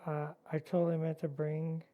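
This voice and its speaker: A woman co-hosting a painting stream, chatting casually in a loud, joking way. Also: low voice, level tone, normal speed, phone-quality sound, faint music behind. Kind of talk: casual chat while painting.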